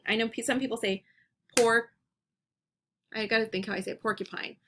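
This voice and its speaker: A woman teacher leading young children through a phonics lesson, speaking clearly and encouragingly and repeating each word, recorded on a computer at home. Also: a little high, fairly even intonation, noisy background. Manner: slow, clear, encouraging classroom delivery with repeated words.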